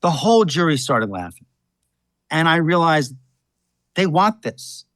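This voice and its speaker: A man who is a defense lawyer, telling the story of his case in measured interview answers. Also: fairly high pitch, sing-song, a bit bright, no room sound.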